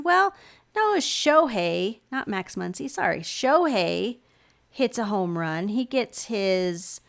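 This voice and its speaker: A woman's voice: medium pitch, vocal fry. A middle-aged woman co-hosting a podcast, recapping games in a meandering casual chat with many ums. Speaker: podcast co-host.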